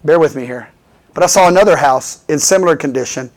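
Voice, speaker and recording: A fervent male preacher with a fairly high voice, delivering a call-and-response sermon. He keeps pulling the congregation in with repeated calls for "Amen.". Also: quick pace.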